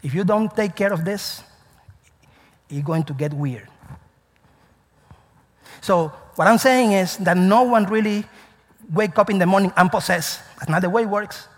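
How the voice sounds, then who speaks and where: Man, pastor, sermon, call-and-response questions, husky, long reverb. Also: high voice, unhurried, long pauses.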